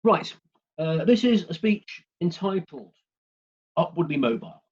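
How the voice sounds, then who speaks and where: A man giving a humorous prepared speech over a video call, in a dry, wry, deadpan way. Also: a little high, a little slow, husky, highs cut off. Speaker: club speaker.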